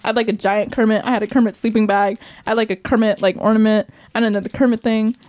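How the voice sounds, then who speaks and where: A woman's voice: a little high, flat delivery, fast, darkish tone. Giggly chatty young woman. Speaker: podcast co-host. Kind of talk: casual chat.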